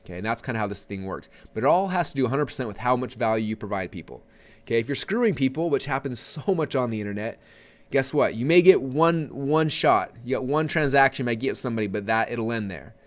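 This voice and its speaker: A man presenting a marketing webinar in an energetic, conversational way, often checking in with his audience. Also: mid-range voice, fast.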